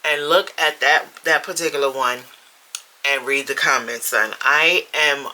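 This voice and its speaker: A woman's voice: a bass voice, a little slow, pushed and bright, low-quality recording. A woman, talking casually to camera at home in a vlog, chatty and playful, laughing as she goes. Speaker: vlogger. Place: home room with the heat running.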